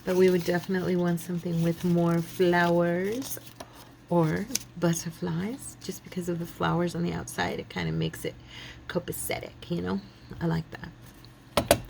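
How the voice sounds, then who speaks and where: A woman's voice: fairly low pitch, lively intonation, moderate pace, vocal fry, noisy background. A woman hosting a craft channel, chatting casually to her viewers and thinking aloud as she works, a little silly and self-deprecating. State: yawning, relaxed.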